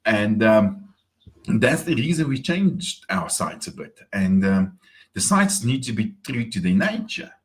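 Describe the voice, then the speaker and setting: A man's voice: fairly low pitch, big pitch swings, unhurried. A man talking casually in an upbeat morning vlog, repeating words as he goes. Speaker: marketing vlogger.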